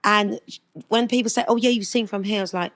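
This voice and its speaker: A middle-aged woman, a singer being interviewed, tells animated stories and keeps breaking into laughter. She slips into little voices and sung scales as she goes, at an ordinary middle pitch. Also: fast. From England. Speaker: singer, guest. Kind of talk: interview storytelling.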